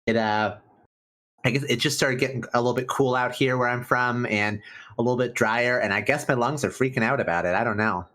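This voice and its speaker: A man's voice: medium pitch, a little fast, fairly bright tone. A man from Orlando calling a card game live in an upbeat, methodical play-by-play, fighting off a cough. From Orlando, Florida, USA. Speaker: tournament commentator. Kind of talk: casual live game commentary.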